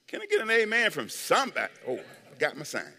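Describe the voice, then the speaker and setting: Animated preacher with a bright voice. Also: male voice, fairly high pitch, a little fast, vocal fry, long reverb tail. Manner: animated call-and-response preaching. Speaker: pastor. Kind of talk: sermon. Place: church sanctuary.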